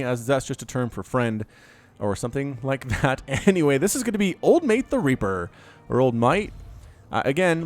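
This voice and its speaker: A man doing upbeat, jokey solo commentary on a strategy video game, recorded close on a desk mic at home. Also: mid-range voice.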